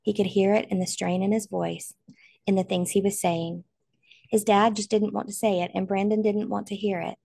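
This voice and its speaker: Woman reading a novel aloud, gravelly. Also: mid-range voice, little pitch movement, moderate pace, dark tone, dry recording. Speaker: audiobook reader. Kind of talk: audiobook narration of a novel.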